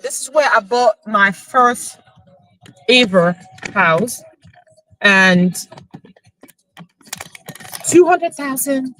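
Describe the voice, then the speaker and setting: A woman, a real estate coach chatting emotionally on a live stream, excited as she talks. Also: high voice, a little hiss or hum, rough recording. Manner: excited, emotional, switching into French.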